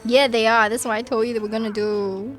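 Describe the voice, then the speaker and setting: A woman's voice: a little high, fairly even intonation, fast talker, soft background music. Dramatic, joking woman streamer. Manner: dramatic, joking, talks to chat. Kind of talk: casual gaming chat.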